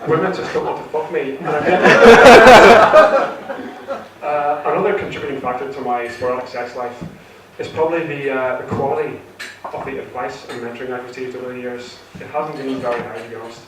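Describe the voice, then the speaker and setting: Nervously rambling through his first stand-up comedy set, a man uses plenty of fillers and restarts on a theatre stage before a live audience. His voice is medium-pitched at a normal speed. The distant recording carries hall echo and is very noisy.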